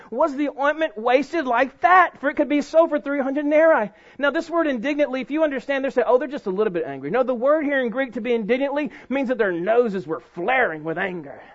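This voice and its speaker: High-voiced preacher swinging loud and soft. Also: male voice. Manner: preaching with sharp swings between loud emphasis and hushed low delivery. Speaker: pastor. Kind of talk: sermon. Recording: dull lo-fi sound.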